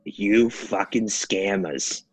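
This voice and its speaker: A man's voice: on the low side, very slow, husky, no room sound, full character voice. A man putting on an angry, threatening middle-aged man who swears on the phone. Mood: furious. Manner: swearing, aggressive.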